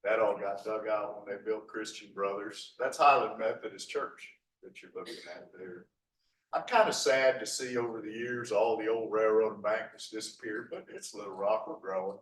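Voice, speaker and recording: Speaking over slides in a lecture hall, a middle-aged man delivers a rambling, folksy local history lecture with asides and many "uh" restarts. His fairly low voice has fairly even intonation and a normal speed, recorded from a distance in the echoey room with a little hiss or hum.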